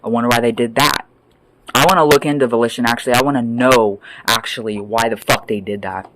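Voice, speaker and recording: A man ranting off the cuff as a vlogger, angry and sweary, rambling between loud outbursts and low mutters. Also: steady tone, fairly quick, heavy background noise. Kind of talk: profane off-the-cuff rant.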